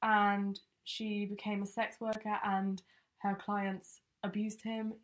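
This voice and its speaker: A woman's voice: medium pitch, level tone, slow pace. A woman co-hosting a true-crime podcast, telling the case in a loose, chatty way with lots of fillers. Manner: chatty, many fillers like um and you know. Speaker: podcast co-host presenting the case.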